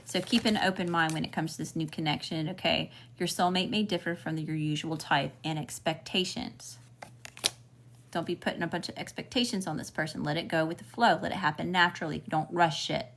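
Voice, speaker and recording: A woman's voice: sits low, fairly even intonation, fairly quick, a bit bright, a little hiss or hum. A woman with a Southern US accent giving a casual spiritual reading as a tarot reader, talking frankly and swearing freely with chatty asides.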